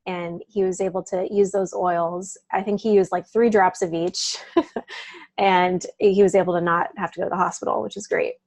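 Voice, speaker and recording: A woman's voice: fairly low pitch, steady tone, normal speed, a little mellow, no room sound. A woman talking casually as an interview guest, telling a personal story with frequent laughs and lots of filler words. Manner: chatty, laughs often, many "like" fillers.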